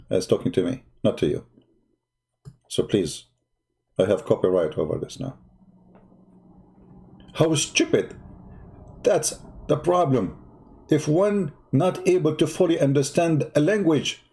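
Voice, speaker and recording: A man's voice: a little high, sing-song, a little slow, creaky, pauses often, mellow. A man hosting a livestream, speaking as an in a sarcastic, scolding way, often laughing at his opponent. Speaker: online broadcast host. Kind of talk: mocking livestream commentary.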